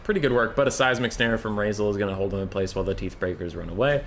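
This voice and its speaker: A young man with a slightly low voice calls a strategy game match in a loose, chatty way. He drifts between play-by-play and off-topic banter, swearing casually. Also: very fast, fairly bright tone, slight background noise. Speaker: game caster. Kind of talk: casual esports commentary.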